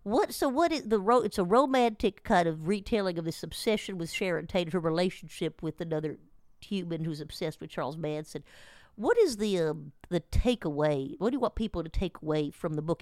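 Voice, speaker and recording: A woman's voice: fairly low pitch, darkish tone, dry recording, lightly acted. Woman putting on nasal, sleepy male book-show host, dry close sound.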